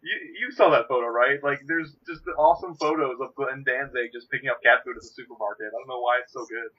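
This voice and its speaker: A young man co-hosting a casual podcast, jokey and rambling, with a husky voice. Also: medium pitch, fast talker. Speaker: podcast co-host. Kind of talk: casual banter. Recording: dull lo-fi home mic.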